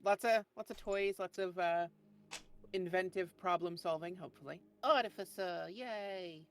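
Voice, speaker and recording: A woman's voice: lowish voice, moderate pace. Bubbly woman with a Southern accent. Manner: bubbly, a little scattered. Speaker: player. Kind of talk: casual chat.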